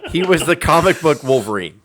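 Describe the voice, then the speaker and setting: A man's voice: fairly high pitch, very animated, a little fast, a loud crowd. A man co-hosts a casual podcast in an everyday voice. He rambles, swears freely and often breaks off to restart a thought. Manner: rambling, profane, trails off and restarts. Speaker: podcast co-host.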